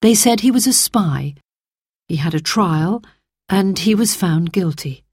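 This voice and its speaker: A woman reading a storybook, voicing a sorrowful mother who speaks quietly and steadily. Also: on the low side, lively intonation, unhurried, slightly rough, dry recording, clean studio sound, heavily acted. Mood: sad calm.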